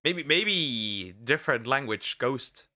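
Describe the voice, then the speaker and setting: Bright, lively joking streamer guy. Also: medium pitch, takes it slowly. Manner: crude, jokey, mocking asides. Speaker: streamer reacting to a video. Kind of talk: casual reaction commentary.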